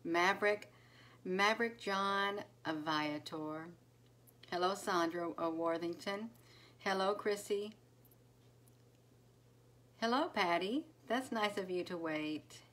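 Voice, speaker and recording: Slow-talking woman greeting viewers. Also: medium pitch, fairly bright tone. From United States. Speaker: live stream host. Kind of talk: casual live stream chat. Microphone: phone.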